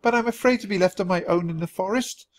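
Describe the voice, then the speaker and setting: A man reading a children's storybook aloud and voicing a timid, fussy male mouse who is easily scared and talks in a nervous squeak. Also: fast talker, natural voice. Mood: fretful.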